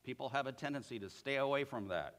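A man's voice: mid-range voice, fast talker, a bit bright, big-room sound. A man preaching a sermon in a church, earnest, reading scripture aloud with feeling.

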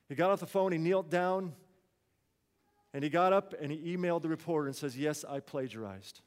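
A man's voice: a little high, a little fast, big-room sound. A man preaching a sermon, telling a story in an earnest, conversational way.

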